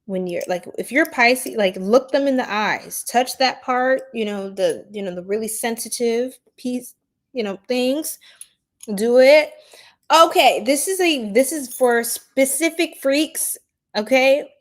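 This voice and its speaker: A woman's voice: a little high, a little slow. A woman with a New York accent hosting a casual astrology livestream, sassy and playful, laughing often and repeating herself.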